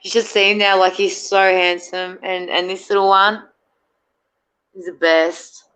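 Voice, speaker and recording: A woman's voice: medium pitch, flat delivery, measured pace, fairly bright tone, clean tone, rough recording. A middle-aged woman, a guest in a casual chat, rambling and hesitant with many fillers and restarts.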